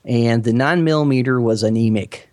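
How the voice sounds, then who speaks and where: A man in his forties with a Southern US accent, a guest on a podcast, chatting casually and rambling with many fillers and pauses. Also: medium pitch, a little mellow, no echo, studio quality. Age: 40s. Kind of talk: casual interview chat.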